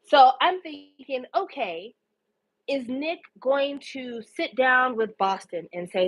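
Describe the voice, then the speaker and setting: A woman's voice: sits high, slow pace, rough recording. A woman hosting a podcast, animatedly recapping a show in casual, profane storytelling and indignantly acting out the characters' lines. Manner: animated, indignant, swears freely, acts out quotes.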